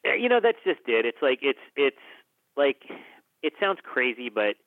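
Animated male storyteller on a phone-like line. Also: mid-range voice, moderate pace, no echo. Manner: animated storyteller who acts out quotes, many restarts. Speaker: film director and producer, guest. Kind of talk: conversational storytelling. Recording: dry, phone-like narrow band.

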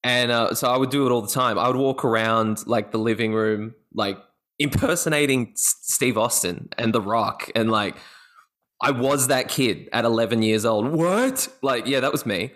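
Lively Australian man telling stories. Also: mid-range voice, normal speed. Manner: lively storytelling, often laughing. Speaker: guest actor. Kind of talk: casual podcast interview chat.

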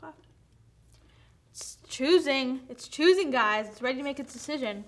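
A young woman chatting casually with friends, reading quiz questions aloud and retelling stories loudly and animatedly. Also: high voice, expressive, normal speed. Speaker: quiz reader among friends. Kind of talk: casual chat.

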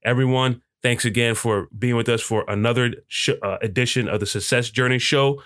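A man hosting a podcast, wrapping up the show in a relaxed, casual way and often saying "man". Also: mid-range voice, fairly quick, a little hiss or hum. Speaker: podcast host.

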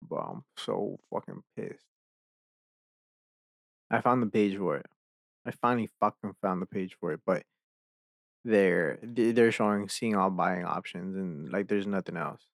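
A young man hosting a podcast, chatting casually and ranting with heavy profanity, quickly exasperated. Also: deep voice, no room sound. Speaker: podcast host. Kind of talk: casual chat.

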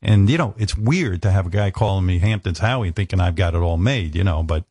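Middle-aged male radio host, low-pitched, crude and self-deprecating, close and dry. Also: animated, fairly quick, warm tone, husky, dry recording. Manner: blunt and profane, self-deprecating. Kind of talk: candid on-air talk.

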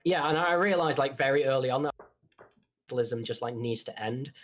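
This young podcast guest from Manchester, England, in his twenties with a Mancunian accent, talks a little fast in a medium-pitched, fairly bright voice. He curses often, and his casual talk is packed with fillers and restarts.

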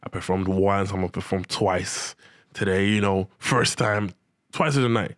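A man's voice: low-pitched, moderate pace, dry recording, studio quality. Slangy young man telling a funny story. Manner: animated, slangy, acts out his own reactions. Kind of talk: casual comic anecdote.

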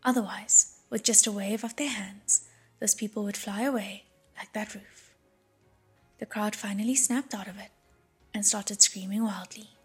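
A woman reads the novel aloud in a breathy, husky near-whisper at a middle pitch. Faint music plays underneath. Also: fairly even intonation, moderate pace. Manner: breathy, hushed reading. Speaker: audiobook narrator. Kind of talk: audiobook narration.

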